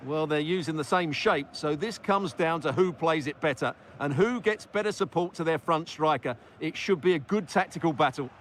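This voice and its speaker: A man giving tactical analysis as co-commentator, measured, often starting with "well". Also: on the high side, fairly bright tone, slight background noise. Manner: measured, opens remarks with "well".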